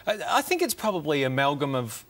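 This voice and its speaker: A man's voice: a little high, big pitch swings, fairly quick, a bit bright. A middle-aged man, chatting in an interview in a rambling, self-deprecating way, with lots of fillers. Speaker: comedian guest. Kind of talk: casual interview chat.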